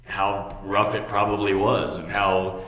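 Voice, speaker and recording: A man's voice: low voice, little pitch movement, measured pace, fairly bright tone. A man co-hosting a casual movie chat, picking apart a film with sarcastic, opinionated commentary. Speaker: podcast co-host. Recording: echoey room with long reverb.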